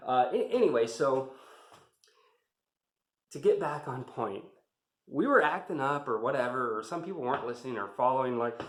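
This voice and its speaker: A man's voice: mid-range voice, lively intonation, normal speed, long pauses. A man telling an army story in a casual, rambling way, swearing often and getting heated, in a roomy-sounding space. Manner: profane, rambling, gets heated. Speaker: army veteran vlogger. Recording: roomy echo.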